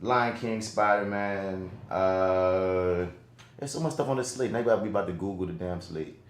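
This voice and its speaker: Podcast co-host, man, lowish voice, animated and profane, roomy echo. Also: moderate pace. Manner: animated, swearing, slangy. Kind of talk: casual movie review chat.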